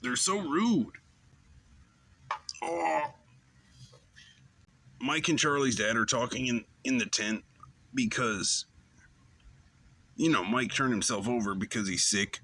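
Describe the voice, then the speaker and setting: A man's voice: medium pitch, a little slow, sharp tone, a little hiss or hum. A man hosting his show, giving a loose, rambling recap of a TV episode with plenty of fillers. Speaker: show host.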